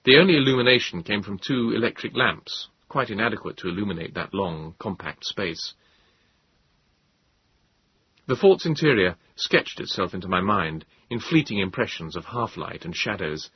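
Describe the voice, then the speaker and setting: A man narrating a story in a measured, grave way. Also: fairly low pitch, expressive, husky. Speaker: audiobook narrator. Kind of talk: scripted narration. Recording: slightly dull, dry recording.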